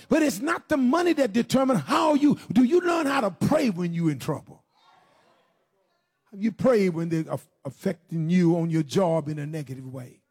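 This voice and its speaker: A man delivers a sermon in a very high, husky voice. He puts direct questions to his listeners and swings between low, slow stretches and shouted, half-sung preaching. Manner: rises into shouted, sing-song preaching, then drops low and slow; addresses the congregation with direct questions.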